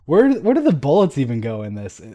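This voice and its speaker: A man co-hosting a podcast, casually retelling a story with animated restarts and frequent laughter. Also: medium pitch, no room sound, dull audio. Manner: animated, laughs often, quick restarts, quotes characters in an everyday voice.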